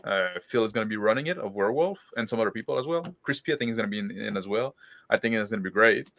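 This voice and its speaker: A man hosting a casual group chat, rambling with many pauses about his gaming year. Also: on the low side, creaky, background noise. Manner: rambling, hesitant with fillers.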